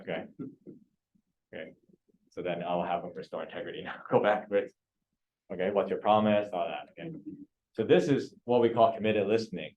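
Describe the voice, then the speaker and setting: A man's voice: deep voice, brisk, long pauses, dull audio. A man leading a real estate training class, quizzing students and coaxing answers. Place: training room.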